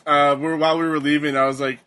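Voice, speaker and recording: A man's voice: on the high side, flat delivery, quick pace, sharp tone. A man co-hosting a casual chat, joking around and laughing at his own lines. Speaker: podcast co-host.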